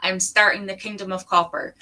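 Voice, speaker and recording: A woman's voice: mid-range voice, level tone, brisk, noisy background. A young Scottish woman hosting a livestream, chatting casually with friends and reading out viewer comments. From Scotland. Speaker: livestream host.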